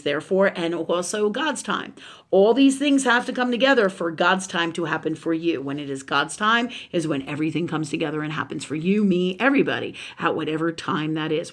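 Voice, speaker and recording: A woman spiritual teacher talking casually in a live stream, animated and profane, with many fillers and asides. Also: on the low side.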